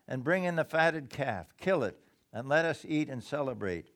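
Guy preaching a sermon, voice jumps all over, gets loud then drops soft. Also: normal speed. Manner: lively, shifts between loud emphasis and soft low asides. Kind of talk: sermon reading and explaining scripture.

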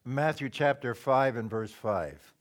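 A man preaching a sermon in a slow, deliberate way, pausing often and clearing his throat now and then. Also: medium pitch, animated.

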